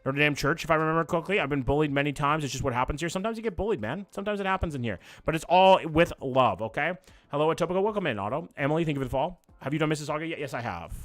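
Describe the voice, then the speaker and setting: A man, chatting casually and quickly as he reacts to places live on stream and talks to his chat. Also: a little high, animated. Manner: fast, casual, swears freely.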